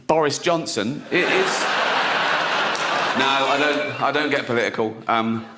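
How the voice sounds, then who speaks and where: A man doing a stand-up routine, mocking and jumping into high-pitched impressions of other people. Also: a little slow, over a noisy crowd. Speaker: stand-up comedian. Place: large theatre with live audience. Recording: live stage recording, loud audience noise. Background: audience laughter.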